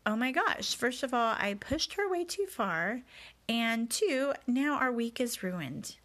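A woman's voice: medium pitch, a bit bright. A woman telling a personal story in a candid, confessional, reflective way as a podcast host.

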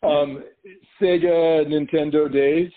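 A middle-aged man from California, a podcast guest telling stories in casual chat, animated and quick to laugh as he acts out what people said. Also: a little high. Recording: tinny phone-like line.

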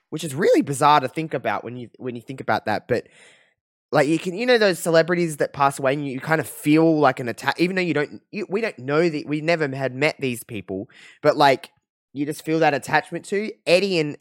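A man's voice: mid-range voice, no room sound, studio quality. A man in his twenties with an Australian accent, hosting a casual video-call chat, talkative and loose with swearing. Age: 20s. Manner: chatty, swears freely, trails off into reflection. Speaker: host.

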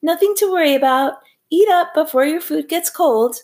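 Woman reading as a high, flustered hostess. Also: animated, normal speed, a little mellow. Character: flustered, showy middle-aged woman hostess.

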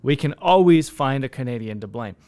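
Male host of a livestream panel, gravelly yet smooth voice, wry. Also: mid-range voice, expressive, moderate pace, warm tone. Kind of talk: casual discussion on a livestream panel.

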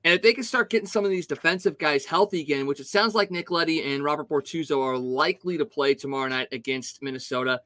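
A man breaks down hockey games on a casual podcast, talking with animated conviction. His voice sits a bit high and sounds bright. The recording is dry and close. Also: quick pace, few pauses, no echo. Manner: animated, opinionated hockey analysis. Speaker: podcast co-host. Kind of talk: casual sports talk.

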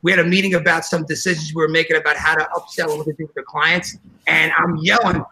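Loud, gravelly New man. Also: high-pitched, fast, rough recording. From New Jersey. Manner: loud, profane, animated storytelling. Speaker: podcast co-host. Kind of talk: casual chat.

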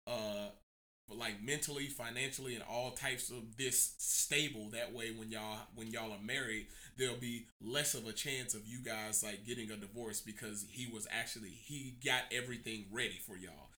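A man impersonating a calm, fatherly male talk-show host who gives slow, measured, soft-spoken advice. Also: medium pitch, pitched below the performer's own voice.

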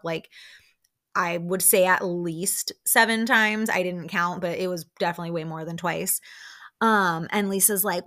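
A woman's voice: medium pitch, fairly bright tone. A young woman hosting a podcast, casually recapping a reality show with lots of "like" fillers and acted-out quotes. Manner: chatty, many "like" fillers, acts out quotes.

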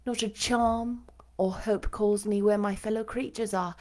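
A woman live-streaming a reading of a classic novel aloud, chatty and self-mocking between chapters and measured and expressive in the narration. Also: mid-range voice. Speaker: audiobook reader.

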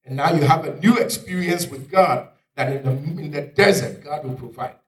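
A male preacher giving a dramatic sermon, swinging from loud exclamations down to near-whispers. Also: a little high, normal speed. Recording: echoey room, picked up from far off.

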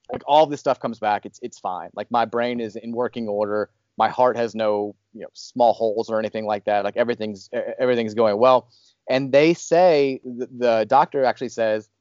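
A podcast host telling a personal story in a casual, animated, rambling way. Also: male voice, mid-range voice, no echo, muffled recording. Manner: animated, rambling, restarts often.

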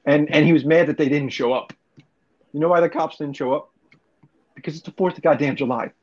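A man's voice: on the high side, brisk, a little mellow, husky. A young man telling profane, rambling stories in casual podcast chat. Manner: rambling, profane storytelling with laughs. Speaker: podcast co-host. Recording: dull lo-fi recording.

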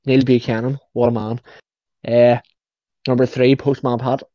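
Sweary lad, dry muffled sound. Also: male voice, medium pitch, measured pace, dry recording. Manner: sweary, joking, animated storytelling. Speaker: podcast co-host. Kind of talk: casual chat.

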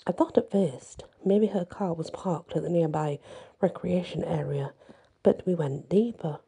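A woman narrating a first-person horror story in a plain, measured storytelling manner. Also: fairly low pitch, vocal fry, dark tone, breathy edge.

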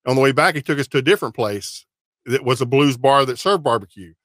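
A man's voice: medium pitch, lively intonation, fast talker, a bit bright, dry recording, studio quality. A man from Texas hosting a casual interview, friendly and restarting his words as he talks. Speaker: podcast host.

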